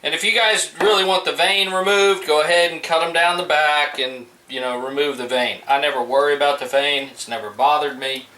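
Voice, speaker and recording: Middle-aged man, bright voice, chatty backyard cooking vlog, roomy sound from a distance. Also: a little high, a little fast, hardly any pauses. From US Gulf Coast. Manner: laid-back, chatty, talks to viewers while cooking. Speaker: home cook vlogger. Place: outdoors at a backyard grill. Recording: roomy sound from a distance, faint background noise.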